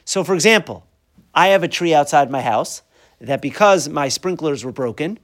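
Lively high-voiced middle-aged man teaching. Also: moderate pace. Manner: lively, conversational, with rhetorical questions; mixes in Hebrew and Yiddish terms. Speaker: Torah teacher. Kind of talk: weekly Torah class.

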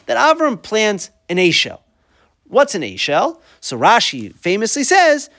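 A man's voice: high voice, wildly swooping pitch, a little slow, fairly bright tone. A middle-aged man teaching a weekly Torah class in a conversational way, asking rhetorical questions and mixing in Hebrew and Yiddish terms.

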